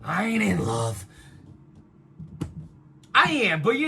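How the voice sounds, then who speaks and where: A man ranting casually to his viewers, animated and slangy, repeating himself as he vents. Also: high voice, slow, gravelly, long pauses. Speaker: vlogger, battle rap commentator. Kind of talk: casual opinion rant to camera.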